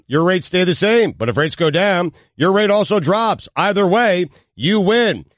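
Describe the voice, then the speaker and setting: Radio cohost reading an ad, dry close mic, bit high voice. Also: male voice, no room sound. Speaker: radio co-host. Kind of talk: casual banter and read ad.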